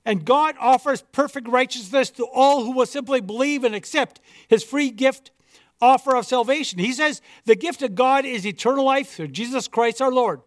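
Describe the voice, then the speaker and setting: Man doing a kindly missionary: urgent, pleading, high voice. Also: normal speed, no echo, clean studio sound. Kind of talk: storybook dialogue reading.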